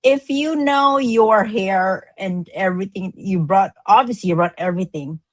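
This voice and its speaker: A woman's voice: medium pitch, a little slow, no room sound. A woman producer chatting as a podcast guest, hesitant with lots of uh's and restarts, laughing easily. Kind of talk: casual chat.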